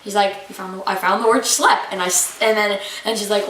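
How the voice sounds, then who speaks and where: A woman's voice: medium pitch, fairly even intonation, fast talker, hardly any pauses, fairly bright tone. A teenage girl telling a classroom story in a chatty, hesitant way, full of fillers. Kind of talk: home video anecdote. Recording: echoey room, distant mic, faint noise.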